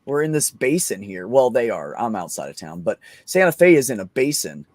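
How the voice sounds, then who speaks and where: A man chatting casually on a podcast, telling excited stories and swearing often. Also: mid-range voice, a little fast, no echo. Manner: excited storytelling, frequent swearing. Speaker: podcast host. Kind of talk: casual chat.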